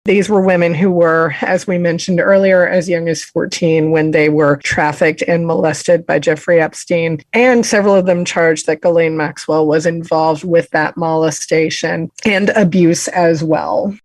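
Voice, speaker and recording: A woman with a lowish voice co-hosts a true-crime podcast, summing up the case in a chatty way and laughing at herself. The sound is dry and close, with no room echo. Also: steady tone, unhurried, few pauses. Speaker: podcast co-host. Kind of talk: casual true-crime discussion.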